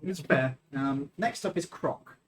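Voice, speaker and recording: A man's voice: on the high side, takes it slowly, a little hiss or hum. A man narrating as game master of a live-streamed tabletop game, explaining rolls and describing actions.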